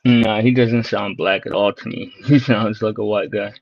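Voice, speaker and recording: A man's voice: lowish voice, steady tone, normal speed. A man on a livestream panel speaking bluntly and mockingly in casual chat. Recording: lo-fi stream audio.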